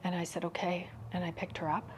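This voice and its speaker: During a frank, personal podcast conversation, a woman guest speaks in a low-leaning, monotone voice. She's soft and hesitant, often trailing into a near-whisper, while a little hiss or hum runs under the recording.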